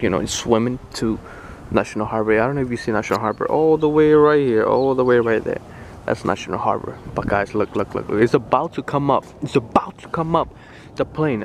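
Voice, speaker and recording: Excitable young man vlogging outside. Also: mid-range voice. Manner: excitable, slangy, talks straight to viewers. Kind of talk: casual outdoor vlog chat. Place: outdoors by a waterfront in drizzle. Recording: outdoor phone audio with street noise.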